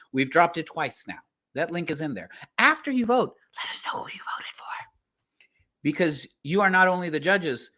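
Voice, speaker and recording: Man hosting a live poetry slam. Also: fairly high pitch. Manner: hyped announcer who grows calm and explanatory. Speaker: host.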